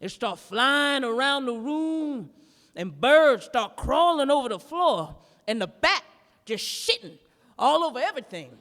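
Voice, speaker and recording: Brash high-voiced woman doing standup. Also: unhurried, in a large hall. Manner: brash, profane, animated storytelling. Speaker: performance artist reenacting a standup routine. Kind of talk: standup comedy storytelling. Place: live performance in a gallery space.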